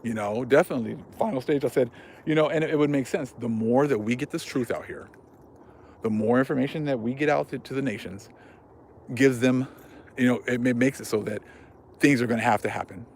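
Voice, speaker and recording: A man's voice: medium pitch, fairly quick, a little mellow, slight background noise. A man hosting a religious commentary vlog, speaking fervently in casual slang and repeating himself for emphasis. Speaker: vlog host.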